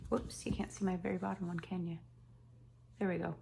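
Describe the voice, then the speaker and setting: A woman teaching a remote lesson to young children, speaking in a slow, patient, encouraging way. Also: fairly low pitch, level tone, vocal fry, warm tone. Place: home. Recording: echoey room, faint noise.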